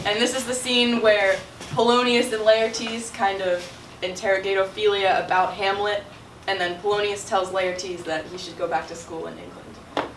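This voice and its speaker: A woman's voice: medium pitch, flat delivery, moderate pace. A teenage female student introducing her group's scene in a plain, organized way. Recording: echoey classroom, distant mic, hiss.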